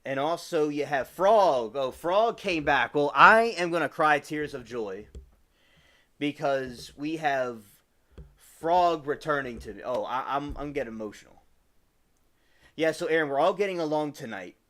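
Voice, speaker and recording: A man's voice: fairly high pitch, animated, a little slow, pushed and bright. A man in his twenties rambling casually on a live stream, greeting chat viewers by name and restarting his sentences often. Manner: rambling and chatty, with many restarts.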